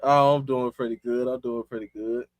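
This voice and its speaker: A man's voice: mid-range voice, fairly even intonation, normal speed, no echo. A man from Chicago hosting a live stream, chatting loosely in profane street slang and laughing often. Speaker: livestream host. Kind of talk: casual live-stream chat.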